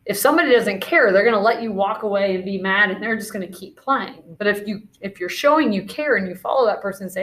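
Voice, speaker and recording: A woman's voice: mid-range voice, fast, few pauses, a bit bright. A woman teacher leading a classroom video lesson, talking through scenarios and calling out movement commands in an encouraging way.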